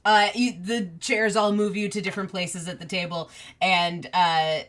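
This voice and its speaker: A woman narrating a tabletop game as game master, relaxed with many fillers. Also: lowish voice, normal speed.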